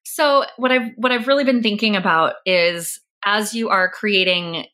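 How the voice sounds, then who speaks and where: A woman guest chats on a podcast in an earnest, reflective way. Her pitch stays mid-range and natural. She explains her thinking carefully, with a few quick aside stories. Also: bright, forceful tone. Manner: earnest, reflective, speaks of intention and words. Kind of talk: casual interview talk.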